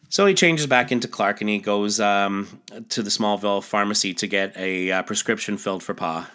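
A man's voice: on the low side, moderate pace, sharp tone, smooth. A man casually retelling a comic book story, chatty and full of asides. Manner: chatty, many fillers and asides.

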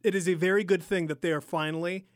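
A man's voice: sits high, steady tone, fast, dry recording. A man co-hosting a casual hockey podcast, teasing and joking with his co-host over a studio mic.

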